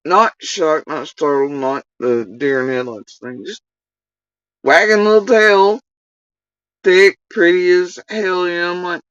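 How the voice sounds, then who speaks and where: A woman's voice: lowish voice, measured pace, fairly bright tone, dry recording. Lady rambling a funny story on a stream, cusses a lot, laughs, dry muffled audio. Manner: rambling, laughing, swears freely. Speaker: vlogger telling a story. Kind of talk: casual storytelling livestream.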